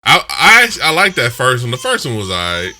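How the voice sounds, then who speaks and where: A man co-hosting a podcast in casual chat, profane and animated, with stammering restarts and acted-out voices. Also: medium pitch, fairly quick, slight background noise. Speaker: podcast co-host.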